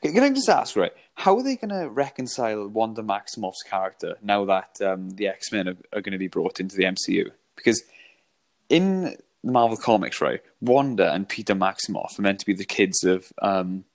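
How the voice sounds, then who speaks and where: A man co-hosting a podcast, chatting casually about films and tossing in quick impressions of lines. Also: on the low side, sing-song. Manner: quick, chatty, mimics film lines in asides. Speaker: podcast co-host. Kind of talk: casual film chat.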